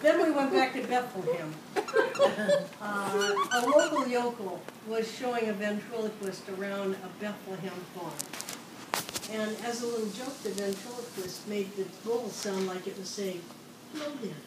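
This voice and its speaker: A woman reads jokes slowly and deliberately from a script. She sits well back from the microphone in an echoey room. Steady noise runs behind her. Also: mid-range voice, distant mic. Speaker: joke-telling co-host.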